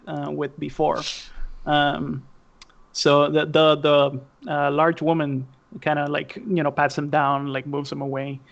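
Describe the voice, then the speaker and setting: A man's voice: fairly high pitch, fairly bright tone, lo-fi sound. A man narrating a tabletop game as game master, casual, laughing and swearing.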